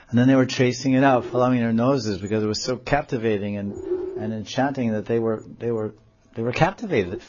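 A man telling a devotional story in a sermon, animated and acting out the quotes in it, in a dull, lo-fi recording. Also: mid-range voice, brisk. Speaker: religious storyteller.

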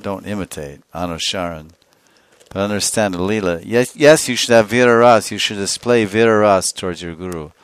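A man's voice: deep voice, clear, resonant tone. A man giving a scripture lecture as a spiritual teacher, telling stories animatedly and acting out scenes. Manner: animated storytelling, acts out scenes.

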